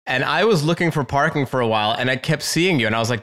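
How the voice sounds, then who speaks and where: A man hosts a casual interview show in an upbeat voice of middle pitch. He jokes freely and laughs often as he talks. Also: animated, quick pace, a bit bright. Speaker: podcast host.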